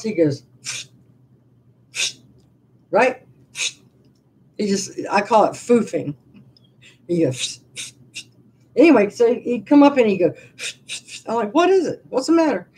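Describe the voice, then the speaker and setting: A woman's voice: medium pitch, expressive, measured pace, long pauses, mellow, breathy edge. A woman in her sixties chatting casually from her living room, telling rambling stories with many restarts. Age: 60s. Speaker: vlogger. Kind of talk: casual live-stream chat.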